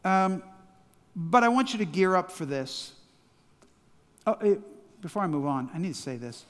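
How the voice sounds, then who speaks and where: A man's voice: sits high, animated, normal speed. A man in his sixties with a Midwestern American accent, a pastor preaching a sermon with emphatic call-and-response, recorded in a large church hall. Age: 60s. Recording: long church-hall reverb.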